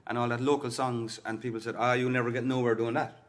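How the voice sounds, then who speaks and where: A man's voice: medium pitch, level tone, fast. Chatty Cork Irish man. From Cork, Ireland. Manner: rambling and chatty, full of "like" and "you know". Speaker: singer-songwriter guest. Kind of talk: casual interview chat.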